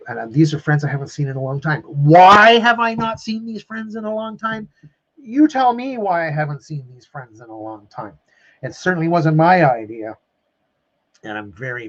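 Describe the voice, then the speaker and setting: A man's voice: medium pitch, lo-fi sound. A man coaching viewers on a live stream, emphatic and emotional, repeating phrases and calling them his friends. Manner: openly emotional and effusive.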